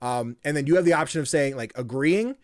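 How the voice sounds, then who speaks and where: A man's voice: a little high, a little fast, no room sound, studio quality. Rambling man in casual podcast chat. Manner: rambling, full of fillers and acted-out quotes. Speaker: podcast co-host.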